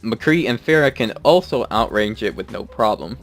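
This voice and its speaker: A man's voice: lowish voice, expressive, normal speed, faint music behind. A man giving a scripted, matter-of-fact video game guide voice-over.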